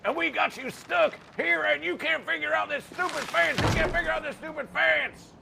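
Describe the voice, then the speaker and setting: A man playing a taunting trickster villain who speaks of himself in the third person, with wild swings between loud and soft. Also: very high-pitched, normal speed, vocal fry, exaggerated voice. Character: menacing male trickster calling himself Bird versus Bear. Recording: noisy background.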